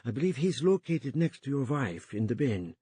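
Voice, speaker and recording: A man's voice: mid-range voice, very animated, moderate pace, dark tone, breathy edge, no room sound, voice pushed up. Male reader as courteous fussy owner, careful, dry sound. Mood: polite. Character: polite fussy middle-aged male proprietor.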